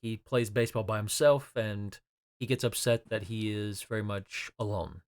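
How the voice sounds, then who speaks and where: A man with a low voice co-hosts a casual podcast, giving his take in a relaxed, dry, self-deprecating way. He sounds unhurried and easygoing. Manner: laid-back, dryly self-deprecating. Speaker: podcast co-host. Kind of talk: casual film discussion.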